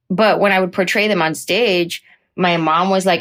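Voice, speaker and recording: A woman comedian talking in an interview, animated and slipping into playful put-on voices. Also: lowish voice, moderate pace. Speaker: comedian guest. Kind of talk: conversational interview.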